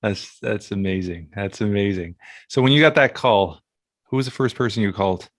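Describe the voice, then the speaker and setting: Guy hosting a podcast, kinda low voice, dry sound, asks rambly questions. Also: normal speed, no echo. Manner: laughs often, rambling questions. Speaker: podcast host. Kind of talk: casual interview.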